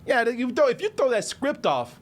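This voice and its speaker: High, lively man telling stories. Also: brisk. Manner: laughing, profane storytelling. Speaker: podcast co-host. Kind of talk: casual podcast chat.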